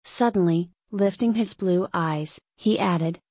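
A woman narrating a story as an audiobook in a measured storytelling way. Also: mid-range voice, fairly even intonation, darkish tone, no room sound.

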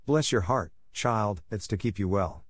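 A man's voice: on the low side, a little slow, dry recording, clean studio sound. A man voicing a cheerful teenage boy who talks in a coaxing, wheedling way in a storybook reading.

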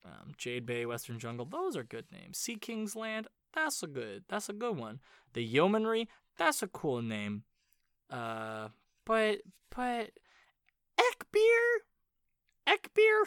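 A man's voice: high voice, sharp tone, clean tone, dry recording, studio quality. A man in a casual rambling book chat, sounding out odd names aloud and swearing as he goes.

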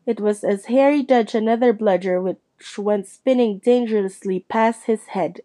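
A woman narrating a storybook, reading it aloud and lifting her voice for the characters' lines. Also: unhurried. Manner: lively, shifts pitch for quoted characters. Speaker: audiobook reader.

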